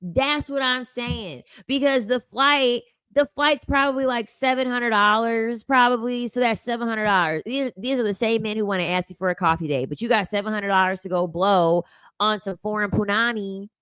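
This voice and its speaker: A woman's voice: medium pitch, normal speed, a bit bright, clean tone, no room sound. A woman, hosting a casual commentary chat, blunt and sassy, often repeating her phrases. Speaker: commentary host reading chat.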